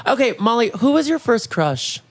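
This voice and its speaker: A young man hosting a podcast, chatting casually and telling lively stories with quick jokes. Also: very high voice, dry recording. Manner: animated storyteller, quick jokes. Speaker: podcast host. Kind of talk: casual chat.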